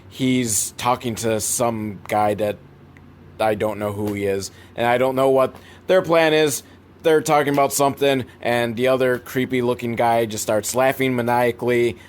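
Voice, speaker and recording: A man giving a comedic recap of a film, sarcastic and profane, swinging between loud incredulous outbursts and weary, deflated mumbling. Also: mid-range voice. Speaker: comedic movie reviewer.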